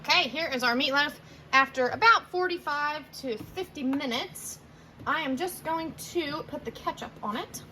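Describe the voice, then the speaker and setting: A woman's voice: high-pitched, moderate pace, pushed and bright, slight background noise. A woman, chatting casually while cooking dinner in her home kitchen and filming on a handheld phone. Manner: chatty, rambling, self-correcting. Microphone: handheld phone camera.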